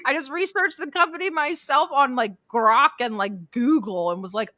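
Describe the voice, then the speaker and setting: A woman speaks as a guest on a casual political show, blunt and openly exasperated. Her voice is bright and sharp, a little above average in pitch, with a dry close sound. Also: normal speed, no echo. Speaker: guest commentator.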